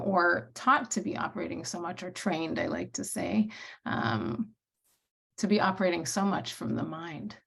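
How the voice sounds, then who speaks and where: Gravelly-voiced woman leading an online workshop. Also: medium pitch. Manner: reflective, searching for words, many fillers. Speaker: co-facilitator of a professional workshop. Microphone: video call.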